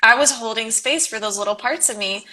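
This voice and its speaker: A woman with a bright voice sitting a touch above the usual pitch talks about relationships as host. She is earnest and affirming, agreeing readily and speaking in an open, casual way. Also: fairly quick. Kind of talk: casual conversation.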